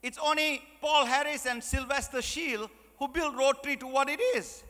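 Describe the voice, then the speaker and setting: A man's voice: extremely high pitch, steady tone, normal speed, pushed and bright. A man giving an emphatic motivational speech as a guest speaker, repeating key phrases and asking the audience rhetorical questions. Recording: long hall reverb.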